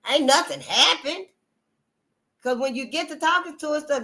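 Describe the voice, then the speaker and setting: A high, bright, forceful woman's voice, expressive and at a moderate pace. She's the host of her own channel, talking frankly and earthily to her audience with emphasis and calling them honey and y'all.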